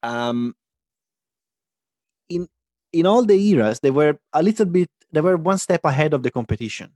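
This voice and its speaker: A man's voice: on the high side, expressive, moderate pace, a little mellow, dry recording, clean studio sound. A man in casual conversation, explaining his points thoughtfully and laughing easily. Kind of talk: casual chat.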